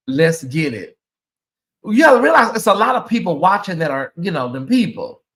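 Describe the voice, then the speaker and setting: High-voiced man hosting a late-night livestream. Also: fairly bright tone. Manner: chatty, emotional, thanking donors by name. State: sleepy. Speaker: livestream host. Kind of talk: casual livestream chat.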